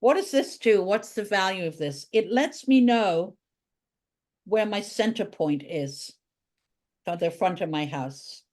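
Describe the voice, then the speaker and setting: A woman art teacher walks through a drawing lesson, chatting as she works. She thinks aloud while she draws, and her pitch sits in a middle range. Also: animated, measured pace, a little mellow. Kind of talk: drawing tutorial.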